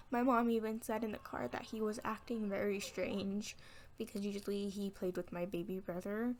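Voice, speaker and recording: A young woman telling a personal story on her vlog, frank and candid, acting out what people said. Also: mid-range voice. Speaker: vlogger.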